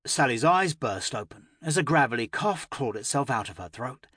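Man, audiobook narrator, expressive, emotional, husky, lively pitch, dry close recording. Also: moderate pace, few pauses, dry recording. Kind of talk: first-person audiobook narration.

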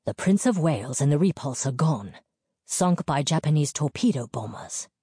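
A woman's voice: deep voice, expressive, moderate pace, warm tone, breathy edge, no echo. A woman voicing a man in his late thirties, a mining engineer who talks in a dry, clipped, dismissive way. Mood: firm.

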